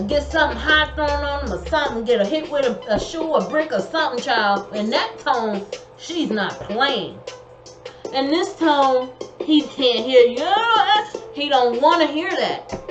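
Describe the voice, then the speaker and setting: A woman's voice: sits high, lively intonation, a little slow. A woman giving an online tarot reading in an emphatic, colloquial way, repeating her advice. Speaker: tarot reader. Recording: echoey room, music behind.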